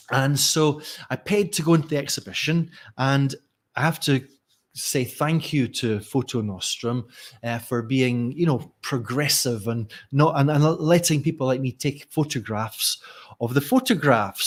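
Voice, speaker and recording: A man talking casually as a teacher trainer in a live lesson, musing aloud with frequent restarts. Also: mid-range voice. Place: Barcelona.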